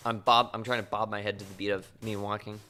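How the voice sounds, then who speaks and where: A man's voice: lowish voice, level tone, fast talker, pushed and bright, faint music behind. A man live streaming a game, chatting casually and joking offhand in reply to his chat.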